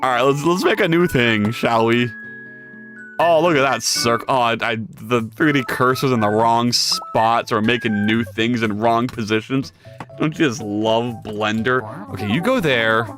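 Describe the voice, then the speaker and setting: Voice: medium pitch, a little slow, a bit bright, soft background music. A streamer and game developer chatting casually during a live 3D modeling session, joking and reading chat messages aloud, often restarting sentences. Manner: chatty, jokey, reads chat aloud and answers it; rambling with frequent restarts and repeated words.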